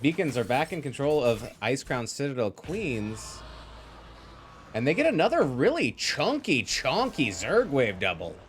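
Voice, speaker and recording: Animated man calling an esports match. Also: mid-range voice, slight background noise. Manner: excitable, jokey, quick to laugh and riff. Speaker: esports play-by-play caster. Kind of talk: lively live game commentary.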